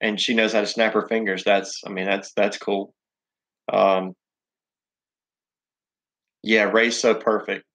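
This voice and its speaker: A man's voice: lowish voice, level tone, slow, pauses often, a bit bright. A man with a Southern US accent hosting a casual live chat, rambling and swearing, full of ums and restarts. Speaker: live stream host.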